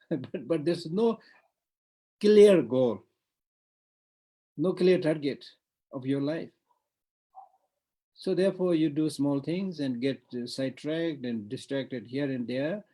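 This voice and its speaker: A man's voice: a little high, expressive, unhurried, long pauses, mellow, poor audio. A man with a Tibetan accent giving an online Buddhist teaching, talking in a discursive way with repeated words and frequent "you know".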